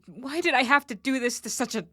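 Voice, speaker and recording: A woman's voice: sits high, fairly quick, pushed and bright, slightly rough, dry recording, clean studio sound, heavily acted. A woman performing a young woman harassed at work after speaking up, in an intense spoken-word delivery. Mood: anguished.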